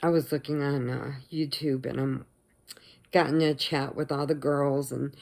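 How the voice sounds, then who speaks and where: A middle-aged woman with a notably low voice and a gravelly, fry-laced texture tells a personal story to her viewers. She talks casually and with feeling, jumping into the voices of the people in her story. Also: normal speed. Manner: animated, emotional retelling, acts out quotes, laughs often. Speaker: vlogger.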